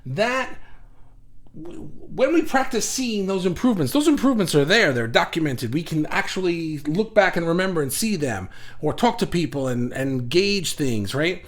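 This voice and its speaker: A middle-aged man hosting a casual livestream, reading out viewer comments in an energetic, animated way, often restarting his sentences. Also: a little high, moderate pace. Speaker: livestream host.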